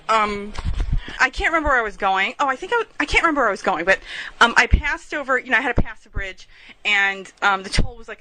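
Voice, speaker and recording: A woman's voice: on the high side, bright, forceful tone, low-quality recording. A woman hosting a podcast, telling stories in a chatty, profane, rambling way on a portable recorder. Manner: chatty, profane, giggly storyteller. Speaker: podcast host. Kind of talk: casual rambling monologue.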